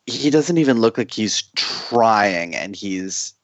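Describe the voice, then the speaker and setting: A man on a film podcast panel, talking thoughtfully and in a measured way. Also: on the low side, expressive, dry recording, muffled recording. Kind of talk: casual chat.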